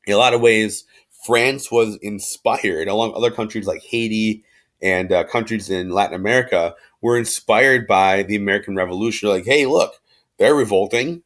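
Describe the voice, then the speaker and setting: A man's voice: fairly low pitch, steady tone, moderate pace, a bit bright. A man teaching a history lesson in a casual, chatty, slangy way, with fillers and loose restarts. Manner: chatty and slangy, acts out quotes in everyday speech. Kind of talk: casual recorded class lecture.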